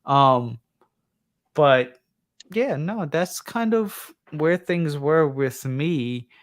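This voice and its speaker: A man's voice: a little high, lively intonation, drawn-out words. New york guy rambling on a late night stream, lots of ums, tired. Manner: rambling, many fillers and restarts. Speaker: livestream host. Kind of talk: casual livestream chat.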